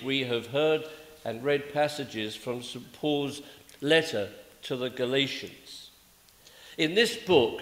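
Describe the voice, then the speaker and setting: A man's voice: mid-range voice, a bit bright. A man with a British accent preaching a sermon, with wry humorous asides. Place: church sanctuary. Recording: echoey church from a distance.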